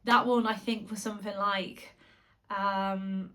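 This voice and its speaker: A woman singer and vlogger chatting casually to camera, gossipy and quick with asides and self-corrections. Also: mid-range voice, flat delivery, fairly bright tone.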